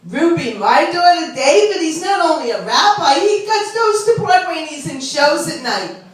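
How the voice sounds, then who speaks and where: A woman comedian voicing a loud, boastful older mother gossiping at a beauty parlor. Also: very high voice, very animated, normal speed, voice pushed up. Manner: loud, boastful, shouting across the room. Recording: echoey room from far off.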